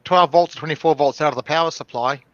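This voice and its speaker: A man's voice: on the high side, quick pace, no echo, muffled recording. A man with a New Zealand accent joining a casual stream chat, bantering good-naturedly about himself. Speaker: regular stream guest.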